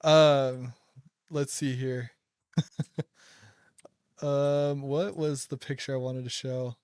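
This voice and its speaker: Young host, giggly storyteller with a smooth, clear voice, recorded dry and close. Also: male voice, mid-range voice, extremely slow, no room sound. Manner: laughs a lot, excitable storytelling. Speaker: podcast host. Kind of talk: casual chat.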